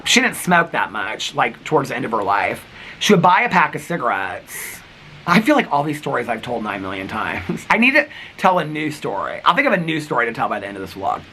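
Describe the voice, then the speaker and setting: A man's voice: mid-range voice, sing-song, fairly quick, pushed and bright, slight background noise. A man in his fifties vlogging in a rambling, chatty way, telling stories with many fillers and laughs. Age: 50s. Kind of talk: casual chat to camera.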